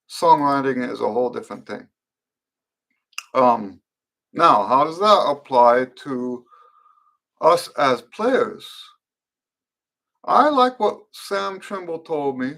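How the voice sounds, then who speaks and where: A middle-aged man answers trumpet players' questions on a live stream, taking his time and thinking aloud with fillers and restarts. His medium-pitched voice is gravelly and a bit bright, with lively intonation.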